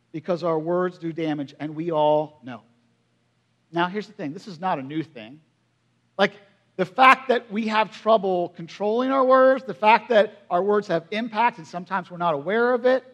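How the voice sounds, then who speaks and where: A man's voice: high voice, normal speed. A man in his forties preaching a sermon in a conversational way, often asking the congregation questions. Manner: drops to a quiet, hushed voice at emotional moments. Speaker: pastor.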